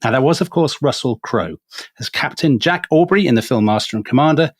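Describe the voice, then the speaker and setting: A man's voice: medium pitch, brisk, breathy edge, no room sound, studio quality. Jokey male podcast host. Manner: jokey, asks questions with lively rises. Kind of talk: casual chat.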